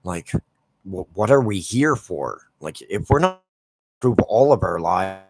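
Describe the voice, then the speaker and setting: A man's voice: low-pitched, expressive, unhurried, breathy edge, no echo. A man in his forties, a gaming YouTuber, ranting casually and swearing constantly while he plays. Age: 40s.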